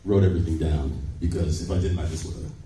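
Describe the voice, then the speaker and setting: A middle-aged man telling stories as a guest on a convention panel, playful and quick to joke, recorded on a phone from far off in an echoey hall. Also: very deep voice, dark tone, a little hiss or hum. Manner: playful, jokey, breaks into laughs and impressions. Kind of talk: animated panel storytelling. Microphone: phone in the audience.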